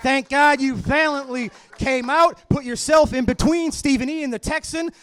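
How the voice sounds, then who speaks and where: A man calling a wrestling match play-by-play, excited and often shouting his calls. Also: very high voice, normal speed, dry recording. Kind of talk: live wrestling commentary.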